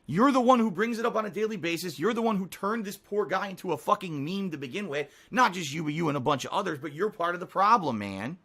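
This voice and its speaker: A man's voice: high-pitched, expressive, fast talker, few pauses, sharp tone. Heated, foul-mouthed male streamer. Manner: heated, profane ranting. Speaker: live streamer. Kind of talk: unscripted stream talk to chat.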